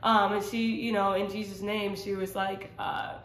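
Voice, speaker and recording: A woman's voice: mid-range voice, flat delivery, moderate pace, fairly bright tone. A woman sharing a personal faith testimony in casual, earnest talk, rambling with many fillers and restarts. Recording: roomy echo.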